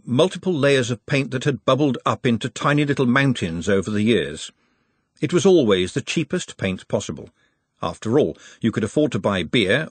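Husky guy reading a novel aloud, lively up-and-down voice, dry close sound. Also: medium pitch, no room sound. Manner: wry, expressive storytelling. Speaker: narrator. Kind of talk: audiobook narration.

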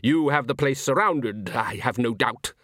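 A man's voice: medium pitch, expressive, normal speed, a bit bright, no echo, studio quality, natural voice. A man voicing a suave, scheming villain who speaks in a precise, mocking, mannered way. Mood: smug. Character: suave scheming male villain, smug and theatrical.

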